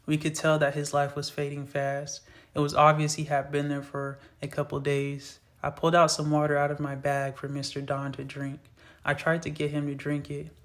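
A man reading his own novel aloud in an earnest, plain storytelling voice. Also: a little high. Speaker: author reading his book. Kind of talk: storytelling narration.

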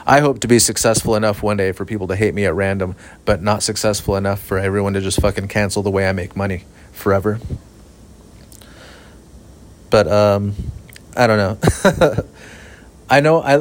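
Flat-voiced, profane man ranting. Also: fairly low pitch. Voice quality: monotone, flat delivery. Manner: profane, rambling, self-aware. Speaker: podcast host. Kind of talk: casual solo podcast rant. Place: outdoors at night near an apartment complex. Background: sprinklers.

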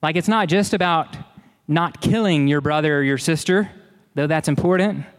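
In a large hall with long reverb, a pastor preaches an earnest, emphatic sermon, using repetition to hammer his points home. His voice is a little high for a man, and he keeps a moderate pace.

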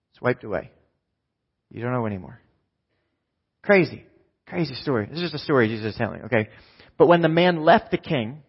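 A man's voice: on the high side, husky. A man preaching a sermon in a conversational way, often checking in with his listeners. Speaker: pastor. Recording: dull lo-fi sound with long hall reverb.

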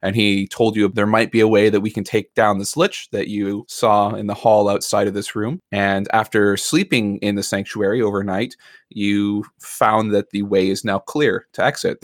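A man's voice: on the low side, flat delivery, normal speed, no echo, studio quality. A man narrating a recap as game master of a tabletop role-playing game.

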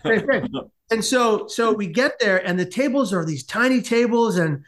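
Animated man telling a comic story, slightly high. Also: normal speed, slight background noise. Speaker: podcast guest. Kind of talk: storytelling in casual conversation.

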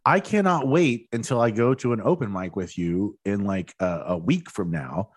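A man's voice: on the low side, normal speed, slightly rough, dry recording. A young man in casual podcast banter, rambling and sarcastic with frequent restarts. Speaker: podcast co-host.

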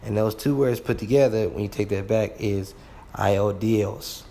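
A man with a fairly low, creaky, mellow voice works slowly through a Bible word study. He sounds out the words and marvels at them with frequent exclamations.

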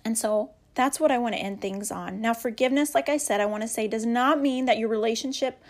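High-voiced woman giving an earnest devotional. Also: brisk, a little mellow. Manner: earnest, heartfelt, dwelling on key words. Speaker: Christian devotional speaker. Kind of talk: devotional talk with scripture reading.

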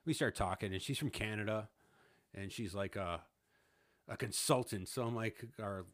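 A man's voice: lowish voice, normal speed, a bit bright. A man in his thirties telling a story in a casual podcast chat, laughing often, swearing and acting out what people said. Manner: laughing, swearing, acts out quotes. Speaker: podcast host.

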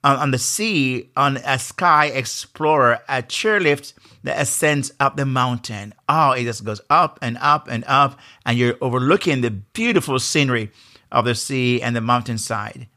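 Jamaican guy doing his leadership podcast, earnest, keeps going "right?", mid pitch. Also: moderate pace, pushed and bright. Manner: earnest, emphatic, with rhetorical questions and repetition. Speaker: podcast host. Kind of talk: motivational podcast talk.

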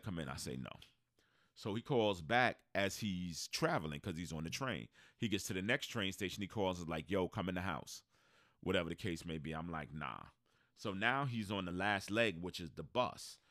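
A deep male voice, recorded as clean studio sound with no echo. He co-hosts a podcast and, in a casual storytelling chat, tells a long story while animatedly performing the people in it.

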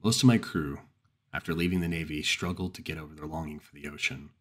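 A man narrating a horror story in the first person, slow and grave. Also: extremely low pitch, steady tone.

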